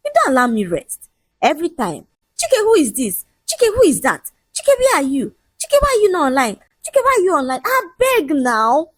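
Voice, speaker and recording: A smug, shameless young man in a storybook tale, as a woman narrator puts him on. He lectures and mocks in a husky, lively voice that swings up and down. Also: fairly high pitch, normal speed, no echo, clean studio sound, pitched above the performer's own voice, heavily acted. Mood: mocking. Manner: mocking, lecturing, casually shameless. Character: scornful cheating young man, smug and dismissive.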